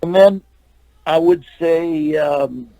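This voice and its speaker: A man's voice: fairly high pitch, steady tone, slow pace, mellow, dry recording, poor audio. An older man, an actor and stuntman, telling long rambling anecdotes in a casual interview and acting out the lines of the people in them. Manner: rambling anecdotes with restarts and acted-out quotes.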